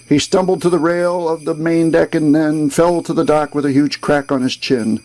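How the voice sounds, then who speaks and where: A man's voice: on the high side, darkish tone, rough recording. Man reading a comic rhyming poem. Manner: storytelling, measured rhythmic delivery. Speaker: boating video host reading a holiday poem.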